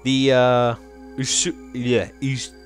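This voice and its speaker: A man's voice: medium pitch, monotone, slow, faint music behind. A man hosting a let's play, giving jokey, rambling gameplay commentary. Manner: jokey, rambling, self-mocking.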